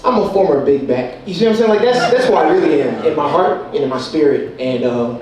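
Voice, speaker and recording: Man, New Jersey accent, stand-up comic, slightly high voice, relaxed delivery, distant echoey club recording. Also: quick pace, a crowd in the background. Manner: laid-back, chuckles between lines. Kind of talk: stand-up set. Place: comedy club with audience.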